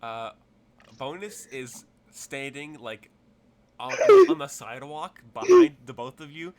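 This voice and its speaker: A man's voice: fairly high pitch, wildly swooping pitch, measured pace, gravelly, a little mellow. A man narrating a tabletop game as game master, rambling with many fillers and restarts.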